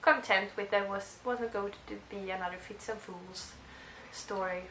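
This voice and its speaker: A woman's voice: medium pitch, fairly even intonation, moderate pace, roomy sound, background noise. A young woman vlogging to camera, gushing and rambling with lots of restarts. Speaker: book vlogger. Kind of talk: casual monologue to camera.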